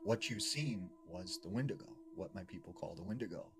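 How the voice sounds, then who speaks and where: A man's voice: low-pitched, lively intonation, noisy background. A man doing a solemn old medicine man. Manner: solemn, measured warning. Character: grave older male medicine man.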